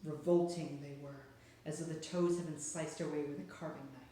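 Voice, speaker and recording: A reader telling a storybook aloud, dropping to a hush and rising with suspense. The pitch sits in the middle range. The voice rings in a very echoey room over a faint hum. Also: fairly even intonation, normal speed. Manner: dramatic, hushed and then rising with suspense. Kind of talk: storybook read-aloud narration.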